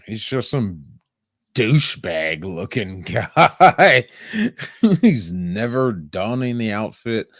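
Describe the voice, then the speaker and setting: Brief: male podcast host, lively pitch, unhurried delivery, laughs a lot, swears freely, dry close sound. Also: no echo. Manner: animated, laughing, profane, with lots of quoted voices. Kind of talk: casual movie review chat.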